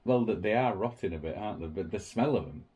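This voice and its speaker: A man's voice: lowish voice, expressive, fast, mellow, a little hiss or hum. A man with a Northern English accent, co-hosting a casual podcast chat at home, blunt, sweary and teasing. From northern England. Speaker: podcast co-host. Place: room at home in Japan.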